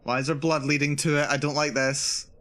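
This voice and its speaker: A man's voice: fairly high pitch, flat delivery, a little fast, pushed and bright. A male streamer giving live commentary on a horror game, nervous and repeating himself as he narrates his own fear. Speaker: VTuber streamer.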